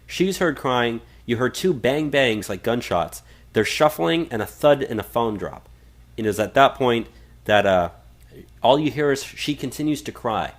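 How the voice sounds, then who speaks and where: A man co-hosting a casual political podcast. He reads quoted passages aloud and talks loosely, with frequent fillers and false starts. His voice sits at a middling pitch. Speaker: podcast co-host. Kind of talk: casual political talk radio.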